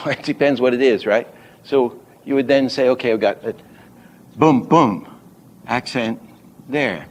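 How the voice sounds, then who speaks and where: An older man teaching animation, unhurried and thinking aloud, often stopping to act out a line reading. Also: mid-range voice. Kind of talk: teaching lecture.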